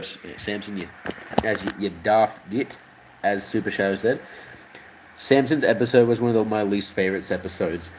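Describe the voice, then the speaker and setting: A man's voice: on the low side, normal speed, background noise. An Australian man streaming casually, rambling, swearing often and chuckling as he chats with viewers. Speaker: livestreamer. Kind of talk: casual livestream chat.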